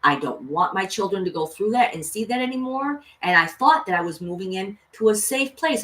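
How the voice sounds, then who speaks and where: A woman's voice: medium pitch, lively intonation, fairly quick, few pauses, fairly bright tone. Earnest woman vlogger chatting to viewers. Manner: earnest, addresses viewers directly; swears freely when worked up. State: mother of six children. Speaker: tarot reader and vlogger. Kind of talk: casual livestream chat.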